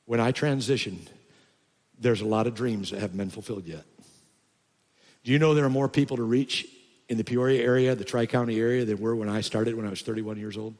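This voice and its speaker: An older man preaching a sermon as a pastor, often rising to loud, high emphatic bursts. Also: fairly quick. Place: church sanctuary. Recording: reverberant church hall.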